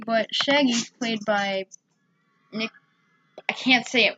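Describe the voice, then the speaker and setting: A woman's voice: on the high side, slow pace, sharp tone, dull audio. A woman giving a casual, rambling spoken movie review at home, full of fillers and restarts.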